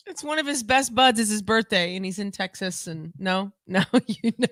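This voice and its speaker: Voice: mid-range voice, moderate pace, fairly bright tone, dry recording, clean studio sound. A podcast co-host on a live chat, giggly, shrieking at jokes, talking while chewing. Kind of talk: casual live-stream chat.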